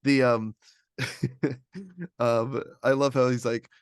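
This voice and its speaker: Young male co-host, casual, rambling and animated, recorded dry and close. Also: medium pitch, takes it slowly, clean tone, dry recording. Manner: rambling, heavy use of "like", animated retellings. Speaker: podcast co-host reviewing films. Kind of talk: casual chat.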